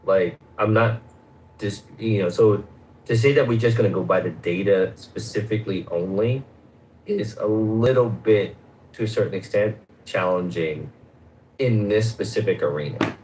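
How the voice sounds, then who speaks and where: A man's voice: fairly low pitch, moderate pace, darkish tone, roomy sound, slight background noise, rough recording. A man in a heated stage debate who is insistent and swears, repeating his opponent's name over and over.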